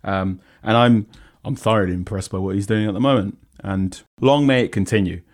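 A man's voice: on the low side, brisk, a little hiss or hum. A young man hosting a football podcast, chatting casually and reading promotions in an upbeat way. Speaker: podcast host.

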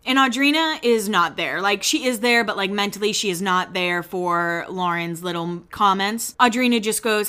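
A woman's voice: medium pitch, moderate pace, hardly any pauses, sharp tone, smooth. A woman hosting a podcast, giving a casual, gossipy recap and acting out quoted lines in shifting voices, with the odd casual swear. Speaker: podcast host recapping a reality show. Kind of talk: casual chatty recap commentary.

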